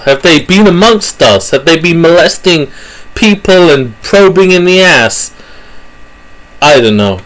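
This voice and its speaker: A man's voice: high-pitched, fairly bright tone, rough recording. A man with a British accent giving a jokey, rambling monologue about pictures on screen, full of fillers and self-corrections. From Britain.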